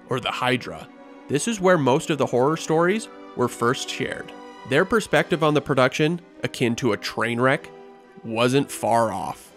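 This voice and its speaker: A man hosting a film-history video, reading scripted narration with a dry, wry delivery. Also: medium pitch. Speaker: host.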